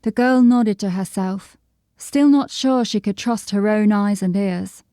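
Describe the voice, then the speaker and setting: A woman narrates a fantasy audiobook in a measured, descriptive way. Her voice is mellow and warm, and it sits at a middle pitch. The recording is dry and close. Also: smooth, no echo. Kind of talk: scripted narration.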